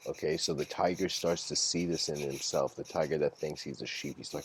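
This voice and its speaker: A man with a very deep voice gives an informal livestreamed talk. He rambles and fills his sentences with "like" as he spins parables. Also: steady tone, normal speed, few pauses, a little hiss or hum. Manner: rambling, heavy use of "like" fillers. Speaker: lecturer.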